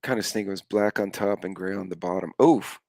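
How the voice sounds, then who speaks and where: A man's voice: low-pitched, fairly quick, creaky, darkish tone, dry recording. A middle-aged man, hosting a casual live stream chat and telling rambling stories with offhand swearing.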